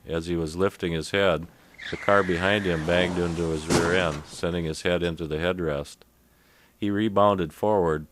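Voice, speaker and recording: A man reading a comic audiobook chapter aloud in a deadpan narrating style. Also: deep voice, no echo.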